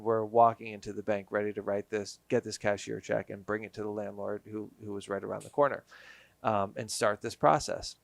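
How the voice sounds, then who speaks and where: A man's voice: on the low side, creaky, no room sound. Man telling a story in a dry studio. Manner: animated storyteller, acts out quotes. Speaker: guest, business owner. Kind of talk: casual storytelling.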